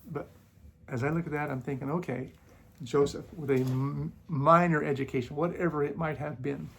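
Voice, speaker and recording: A man's voice: on the high side, vocal fry, slight background noise. A man hosting his own channel, arguing against critics in casual commentary, sarcastic and mocking, and coughing now and then. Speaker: YouTube channel host.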